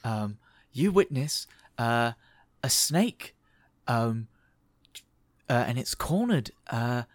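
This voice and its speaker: A man narrating a comedy tabletop game as game master, halting and full of fillers and restarts. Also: mid-range voice, animated, no room sound.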